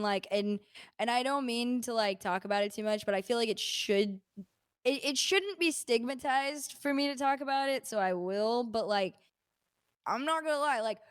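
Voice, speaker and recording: A young woman who hosts and casts esports events, talking in a loose, chatty way with plenty of fillers as she tells her stories. Her voice sits at an ordinary middle pitch, and the recording is dry and close with no room echo. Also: clear, resonant tone. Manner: chatty storytelling with many fillers. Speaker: esports caster and event host. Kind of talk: casual podcast chat.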